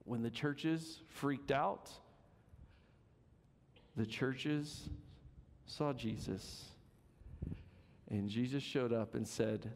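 Dramatic preacher in an echoing church. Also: male voice, medium pitch. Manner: dramatic, with big swings in loudness and emphatic, drawn-out words. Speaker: pastor. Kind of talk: sermon. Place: church sanctuary.

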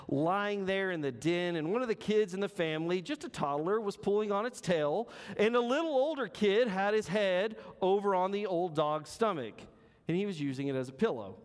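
Dramatic preacher in an echoing church. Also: male voice, a little high. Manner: dramatic, with big swings in loudness and emphatic, drawn-out words. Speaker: pastor. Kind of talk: sermon. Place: church sanctuary.

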